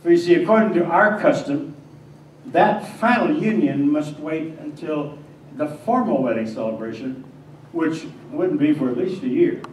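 A male pastor playing a devout young carpenter, telling his story in the first person with stammers and swings between hushed and agitated moments. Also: a little high, expressive, normal speed, close to an everyday voice. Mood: earnest. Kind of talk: first-person dramatic monologue in a church. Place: church sanctuary. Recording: echoey church from a distance, faint hiss.

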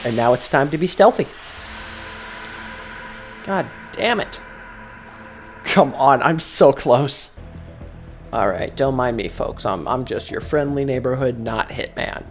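A man doing casual gameplay commentary, jokey and profane, breaking into loud excited outbursts. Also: mid-range voice, takes it slowly, long pauses, faint music behind. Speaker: gaming commentator. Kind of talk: casual let's-play commentary.

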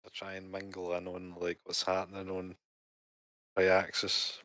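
A man with an extremely deep voice plays his character in a tabletop game over a call. He talks in a halting, hesitant way with many restarts. The audio is dry and close. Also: completely flat delivery, pushed and bright, no echo. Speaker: player.

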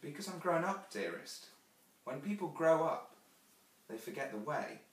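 A man voicing Wendy, a gentle, wistful grown-up mother, speaking softly and tenderly in a hushed voice. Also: fairly high pitch, sing-song, normal speed. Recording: echoey room, from far off.

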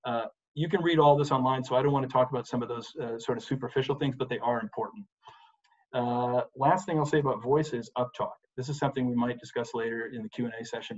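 A man's voice: medium pitch, a little mellow, dull audio. A middle-aged man coaching lawyers in a webinar from his home office, talking with energy and stressing points by repeating "you've gotta". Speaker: advocacy and presentation coach. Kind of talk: webinar presentation. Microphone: desk microphone.

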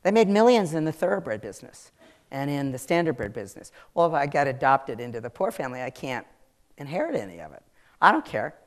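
A woman's voice: low voice, very animated, a little fast. A woman from Maryland with a Southern American accent, answering audience questions at a live author event in a chatty, frank way. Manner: chatty, frank, laughs easily. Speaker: author interviewee. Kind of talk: public Q&A answers.

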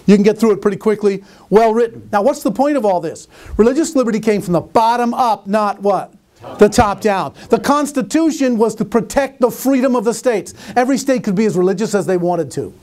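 A man with a high-pitched voice gives a conference lecture full of stories. He talks animatedly, often restarts his phrases and puts questions to the listeners. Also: lively intonation, brisk, darkish tone. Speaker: conference speaker and teacher. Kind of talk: lecture with storytelling.

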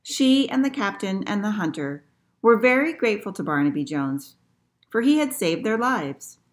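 A woman librarian reading a picture book aloud to children in an expressive storytelling manner. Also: medium pitch, normal speed.

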